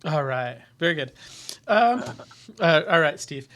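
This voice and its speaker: A man hosting a webinar, reading out viewer questions and demonstrating software in a casual, upbeat way with many fillers. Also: a little high, sing-song, slow pace. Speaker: webinar host.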